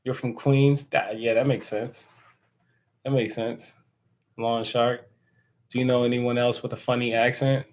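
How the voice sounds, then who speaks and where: A man's voice: mid-range voice, little pitch movement, a little slow, pauses often, darkish tone, rough recording. A man hosting a casual live stream who answers viewer comments and laughs often. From United States. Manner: chatty and joking, laughs often.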